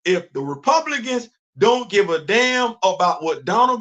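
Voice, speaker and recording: A man's voice: sits high, big pitch swings, moderate pace, hardly any pauses, a bit bright. A middle-aged man hosting a livestream, talking fervently and colloquially in a preachy tone as he answers his live chat. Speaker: livestream host. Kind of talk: impassioned livestream commentary.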